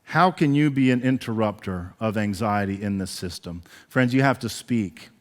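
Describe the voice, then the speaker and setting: A man preaching a sermon as pastor, animated and acting out the voices he quotes. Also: lowish voice, moderate pace. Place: church sanctuary. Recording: long reverb of a large church hall.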